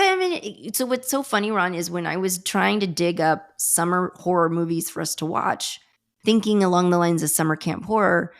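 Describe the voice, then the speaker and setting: A woman hosting a horror podcast, talking casually in a rambling way with restarts and laughs. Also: fairly low pitch. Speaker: podcast host. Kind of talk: casual chat.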